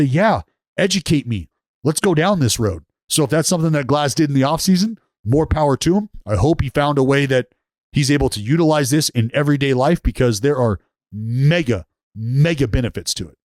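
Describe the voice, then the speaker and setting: A man's voice: medium pitch, no room sound, studio quality. A man in his thirties talking on a casual podcast, blunt and profane, telling stories with heavy emphasis. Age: 30s.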